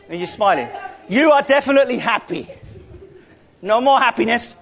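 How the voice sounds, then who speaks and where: A man with a high voice leads a church gathering in an interactive sermon. He jokes and teases as he talks to the congregation, and raises his voice to call out across the room. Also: lively intonation, normal speed, creaky, long pauses. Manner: playful, joking, calls out loudly to the room. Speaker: church speaker.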